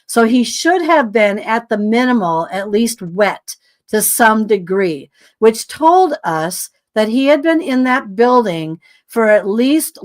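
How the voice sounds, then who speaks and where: A woman guest telling a story in casual conversation, acting out dialogue with lots of fillers and sounding tired. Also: medium pitch. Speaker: podcast guest.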